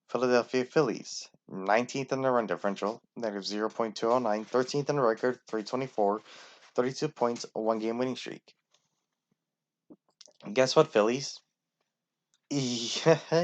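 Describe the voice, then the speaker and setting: A man giving casual, opinionated rankings commentary and talking straight to the teams. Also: mid-range voice. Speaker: sports commentator.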